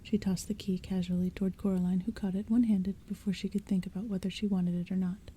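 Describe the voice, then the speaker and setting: A woman in whispered role-play reads a storybook in a slow, hushed, breathy whisper. Her tone is very dark and mellow. Faint rain and soft thunder murmur behind her. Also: medium pitch, flat delivery, slight background noise. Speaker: ASMR audiobook reader.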